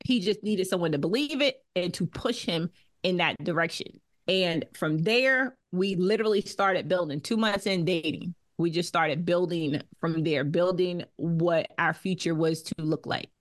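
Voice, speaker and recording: A woman with a slightly low voice speaks as an interview guest. She talks in an emphatic, self-assured way, relaxed and casual. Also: measured pace. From Boston area.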